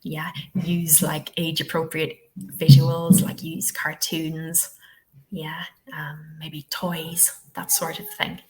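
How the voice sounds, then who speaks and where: A woman's voice: low-pitched, level tone, slow pace, a little mellow. A woman from the west of Ireland, presenting a live online teacher-training webinar in a chatty, encouraging way, often checking with "okay?".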